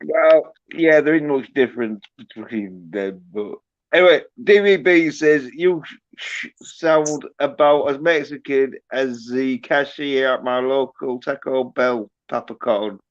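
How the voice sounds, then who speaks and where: Slow-talking stream host, muffled mic. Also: male voice, mid-range voice, dry recording. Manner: slow, crude, reading chat aloud. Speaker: livestream host. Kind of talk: casual livestream chat reading comments.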